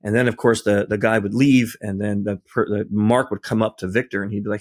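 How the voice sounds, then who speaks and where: A man's voice: lowish voice, steady tone, fairly quick. Man hosting a podcast, telling stories. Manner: storytelling, enthusiastic, with restarts. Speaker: podcast host. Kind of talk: podcast discussion.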